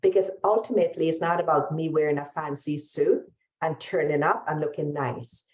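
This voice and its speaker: A woman lawyer talks earnestly on a webinar panel over a video call, her voice sitting low. The room around her rings with echo, giving the sound a hollow, roomy quality. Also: moderate pace, a little mellow. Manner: earnest, storytelling. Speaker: refugee lawyer.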